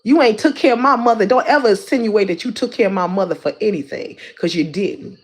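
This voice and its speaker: Calling someone out on her livestream, this host delivers a heated rant, repeating words and restarting sentences often. She has a medium-pitched voice and a quick pace.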